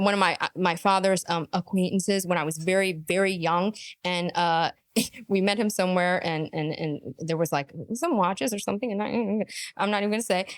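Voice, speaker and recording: A woman's voice: fairly low pitch, no echo, studio quality. A woman giving amused, mocking reaction commentary, often laughing at what she watches.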